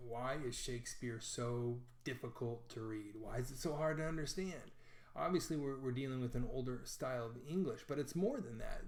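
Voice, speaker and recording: A man talks through a literature lesson in a relaxed, conversational way, filling his sentences with small fillers and poking fun at himself. His mid-pitched voice bounces around a noticeably echoey room. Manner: conversational, self-deprecating, with frequent fillers. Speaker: teacher explaining literature. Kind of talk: casual educational explainer.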